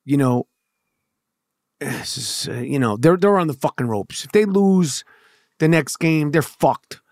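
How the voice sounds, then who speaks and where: This podcast host, speaking with a New York accent, rants heatedly in a casual monologue packed with swearing and stammered restarts. His slightly high, slightly mellow voice has lively intonation and a measured pace, recorded studio-clean with no room sound.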